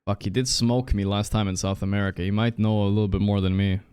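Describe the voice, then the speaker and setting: A man's voice: fairly low pitch, little pitch movement, fast talker, a little mellow, clear, resonant tone, dry recording. A man streaming a guessing game, talking casually to his chat, swearing and muttering to himself as he plays. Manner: muttering, profane, talking to chat while playing. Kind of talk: casual live-stream commentary.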